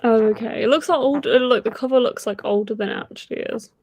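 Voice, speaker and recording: A woman hosting a casual reading stream, talking in a chatty, excitable way with frequent giggles. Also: fairly high pitch, fast talker, no echo. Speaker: host of a reading sprint stream. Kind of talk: casual livestream chat.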